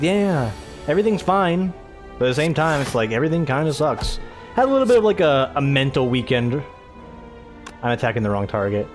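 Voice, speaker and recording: A young American gaming channel host with a slightly high voice rambles through casual let's-play chat. He's chatty, laughs often, and jumps back and forth between the game and his day.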